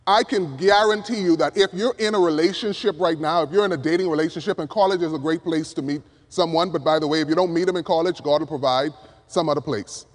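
A male preacher delivering an emphatic sermon from the pulpit, swinging from loud appeals down to hushed words. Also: a little high, quick pace. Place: church pulpit. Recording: long reverb of a large hall.

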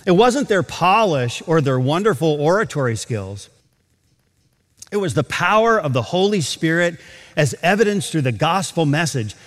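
A man preaching a sermon in a big auditorium, with his voice sitting a little high for a man and swinging widely in pitch. He slows down for emphatic scripture readings, then rushes through quick asides. A long reverb trails behind every phrase. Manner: expressive preaching with dramatic slowdowns and emphatic scripture quotes. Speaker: pastor. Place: large auditorium.

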